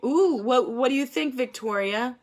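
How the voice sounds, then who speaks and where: A woman facilitating a group discussion over a video call, upbeat and encouraging, quick to laugh. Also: high voice.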